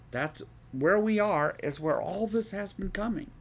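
A man leads a Bible study with a slightly higher-than-usual voice and a slow, unhurried delivery. He reads scripture aloud, then breaks it down conversationally, often repeating words as he thinks and tossing questions to his listeners. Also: lively intonation, gravelly, a little hiss or hum.

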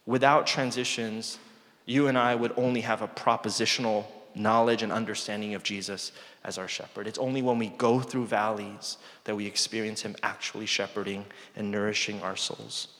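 A man in his thirties preaching a sermon as pastor, earnest and reflective, often dropping to a soft, quiet tone. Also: fairly low pitch, fairly even intonation, moderate pace. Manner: earnest, reflective preaching with soft dropped phrases and light self-deprecating humor. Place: church sanctuary. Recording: long church hall reverb.

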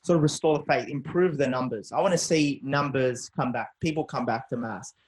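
A man's voice: mid-range voice, brisk. A young man hosting a podcast interview, earnest and practical in how he frames his questions. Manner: earnest, practical, asks guest for tips. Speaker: podcast host. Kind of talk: casual interview.

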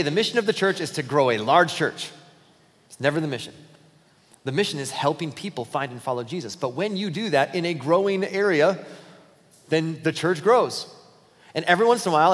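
A pastor delivers a sermon in an easy, conversational way and acts out bits of everyday dialogue. His voice sits a little high for a man. The sound carries the long reverb of a big church hall. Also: fairly bright tone. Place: church auditorium.

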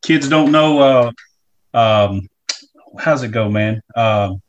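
A man's voice: medium pitch, very slow, dull audio. A man hosting a podcast, affirming his guest and groping for words in casual chat. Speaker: podcast host. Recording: noisy background hiss.

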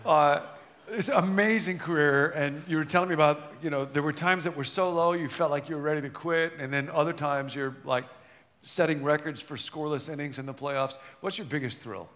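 A male interviewer asks questions in a relaxed, conversational manner. His voice sits a little high, and it rings with a long hall reverb. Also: fairly quick.

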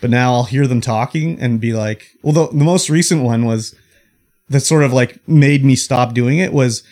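A man's voice: mid-range voice, moderate pace, a little mellow. A man co-hosting a casual podcast, venting about work in a long rant with casual swearing. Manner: ranting storyteller, acts out quoted coworkers. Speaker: podcast co-host. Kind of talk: casual chat.

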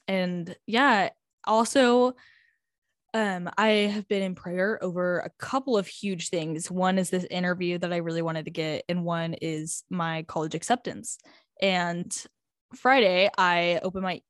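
A woman's voice: fairly low pitch, dry recording, studio quality. An eighteen-year-old woman telling a casual storytime vlog, chatty and full of fillers, laughing often as she talks. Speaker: high school student.

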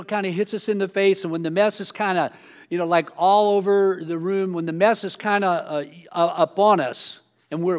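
Pastor, high-pitched male voice, loose conversational sermon delivery, animated asides. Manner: conversational preaching, many fillers and restarts; rising animated when mimicking others. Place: auditorium.

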